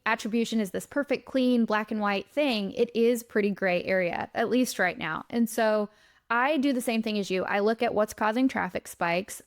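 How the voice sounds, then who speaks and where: A woman speaks as an interview guest in a somewhat high voice. She explains her ideas step by step, working them out as she goes. Her delivery is conversational and unscripted. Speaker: guest, writer and content strategist. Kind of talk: interview answers.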